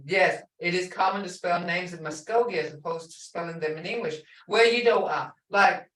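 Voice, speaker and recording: An older woman teaching a language class, sounding out words slowly and syllable by syllable. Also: on the low side, a bit bright. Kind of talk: slow language lesson with repeated words. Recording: echoey room, a bit distant from the mic, faint background noise.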